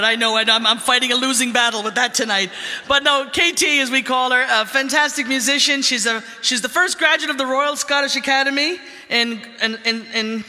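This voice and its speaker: A man from the Bronx introducing musicians on stage, joking loudly with stumbles, in a live concert hall. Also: very high voice. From the Bronx, New York. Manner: joking, loud emcee patter with stumbles. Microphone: stage microphone. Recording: live hall with crowd and long reverb.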